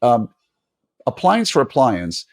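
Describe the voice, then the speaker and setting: A middle-aged man hosts a casual interview, his pitch swinging widely as he lectures and exhorts his listeners. He talks emphatically and rambles with "um" and repeated words. He sounds like a practitioner sharing hard-won opinions with his peers. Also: huge pitch swings, slow pace, gravelly, a little mellow. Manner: emphatic and preachy, with many fillers and restarts. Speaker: podcast host and orthodontist.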